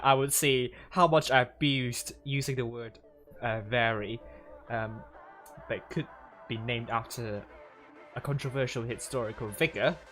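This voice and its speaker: A man casting an esports match on a livestream, his pitch sitting in an ordinary middle range. He talks in a loose, rambling way, stumbling over words and restarting often. Faint music plays underneath. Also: a bit bright. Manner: rambling, halting, many fillers and restarts. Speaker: stream caster. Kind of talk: live esports commentary.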